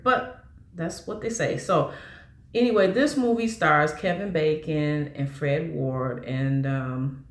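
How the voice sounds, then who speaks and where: A woman's voice: sits low, slow. Rambling woman in a roomy echo. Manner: rambling, with frequent restarts and fillers. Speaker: movie vlogger. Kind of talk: casual movie chat.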